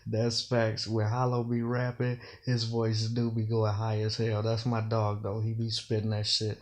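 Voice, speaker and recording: A man offers casual battle rap bar breakdowns, explaining slang and double meanings and often saying "you know." His voice is lowish, monotone and unhurried.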